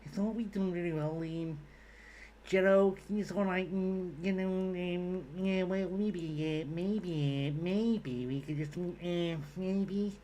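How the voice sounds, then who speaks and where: A man's voice: sits high, fairly even intonation, mellow, a little hiss or hum, voice pushed up. A man putting on a Scouse accent to play a hesitant footballer stumbling through a post-match interview. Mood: dithering. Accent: Scouse put on. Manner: halting, full of ums and maybes. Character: hesitant mumbling male footballer giving interview.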